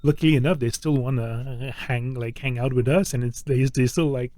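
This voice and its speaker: A man's voice: mid-range voice, fairly even intonation, normal speed, dark tone, no room sound. Man, middle-aged, hesitant, restarts a lot, dry close mic. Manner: hesitant, many fillers and restarts, laughs easily. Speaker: co-host. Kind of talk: casual health chat.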